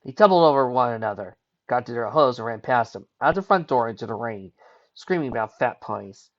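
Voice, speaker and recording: A man's voice: medium pitch, expressive, brisk, highs cut off. A man reading a pony fan story aloud, voicing each character's lines in turn. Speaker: fanfiction reader. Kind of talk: storybook narration.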